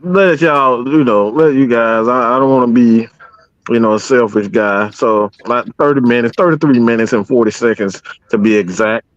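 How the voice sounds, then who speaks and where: A man's voice: mid-range voice, moderate pace, dry recording. Heated male stream co-host, profane, stammering, dry lo-fi mic. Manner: fired-up, profane, stammering restarts. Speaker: podcast co-host. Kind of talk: heated live stream rant.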